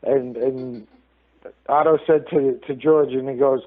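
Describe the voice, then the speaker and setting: A man, a guest telling lively stories in a casual interview and acting out the lines of the people in them. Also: mid-range voice, measured pace. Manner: animated, acts out quoted lines. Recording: tinny phone line.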